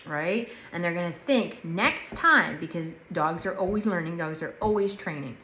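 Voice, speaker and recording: A woman dog trainer gives a casual instructional talk in a fairly low, fairly bright voice at normal speed, barely pausing. She's chatty and keeps checking in with "right?" and "okay?" The room is echoey, with a little hiss or hum.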